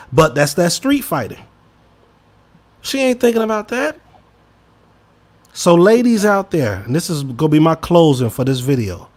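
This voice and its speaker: A Chicago man who co-hosts a podcast shares his opinions casually and emphatically. He goes from loud bursts to low mutters and addresses listeners directly, often saying y'all.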